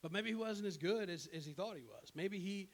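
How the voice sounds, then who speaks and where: A man's voice: high-pitched, fairly quick. A pastor preaching a sermon in a casual, conversational way, acting out the people in his story and checking in with "right?". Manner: animated, acts out characters in his own voice; conversational, often asks "right?".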